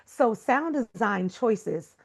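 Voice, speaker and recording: A woman's voice: a little high, animated, slow pace, creaky. A woman guest speaker giving an emphatic, preacher-like motivational talk full of rhetorical questions. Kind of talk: motivational talk on a video call.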